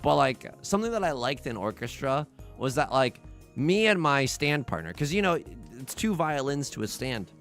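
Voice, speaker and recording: Gravelly young man chatting on stream. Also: mid-range voice, sing-song, normal speed, fairly bright tone. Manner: rambling, self-mocking, with many restarts. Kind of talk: casual livestream chat while playing. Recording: faint music behind.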